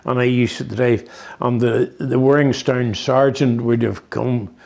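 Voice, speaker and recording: Gravelly old Northern Irish man reminiscing. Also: medium pitch, fairly even intonation, unhurried, a little mellow. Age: 80s. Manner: rambling, anecdotal, many restarts and fillers. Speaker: interviewee. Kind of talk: reminiscing conversation.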